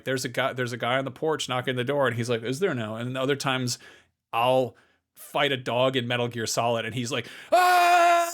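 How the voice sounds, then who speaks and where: A man's voice: medium pitch, fairly bright tone. A man in his thirties, a podcast co-host, telling rambling, profane stories in casual comedic chat.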